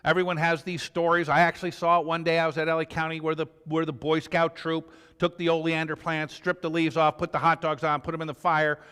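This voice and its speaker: A man's voice: on the high side, completely flat delivery, a little fast, few pauses, a bit bright, clean tone. A man giving a conversational medical review lecture, mixing facts with stories from his own practice. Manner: conversational, tells clinical anecdotes. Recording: lecture hall reverb.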